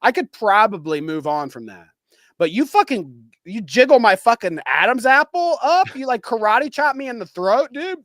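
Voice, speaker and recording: A man co-hosting a live podcast, talking casually in a crude, animated way and laughing often. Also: very high-pitched, normal speed, no room sound, clean studio sound. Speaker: podcast co-host. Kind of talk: casual live-stream chat.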